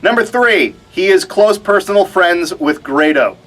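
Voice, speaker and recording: A man's voice: high-pitched, expressive, unhurried, a bit bright. A young man hosting a wrestling vlog, chatting casually with a wry, mock-reluctant tone. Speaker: wrestling show host.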